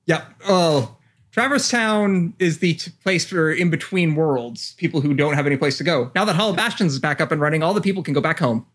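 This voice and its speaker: A man's voice: fairly high pitch, animated, brisk, a bit bright. A man co-hosting a casual gaming podcast, sardonic and swearing freely. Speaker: podcast co-host.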